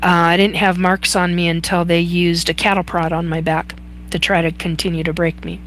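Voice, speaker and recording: A woman hosting a live chat, telling a personal story in a halting way with many fillers and restarts. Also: lowish voice, flat delivery, a bit bright, a little hiss or hum. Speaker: host.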